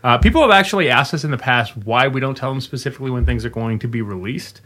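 Bright-voiced man hosting a podcast. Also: medium pitch, expressive, fast. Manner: upbeat, rambling with fillers, slips into announcer tone. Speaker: game developer podcast host. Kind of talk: casual podcast chat.

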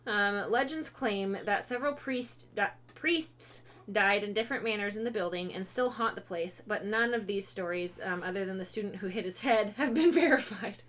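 A woman's voice: mid-range voice, moderate pace, a bit bright. A woman hosting a casual podcast, reading ghost stories aloud with many fillers and self-corrections, breaking off to joke. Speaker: podcast host.

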